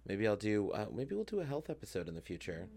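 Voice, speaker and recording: A man with a very low, deep voice hosts a casual podcast chat. He talks freely with lots of "um"s and laughs often as he goes. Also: very animated, fast, crowd noise. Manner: chatty, many fillers, laughs often. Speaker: podcast host and drag performer.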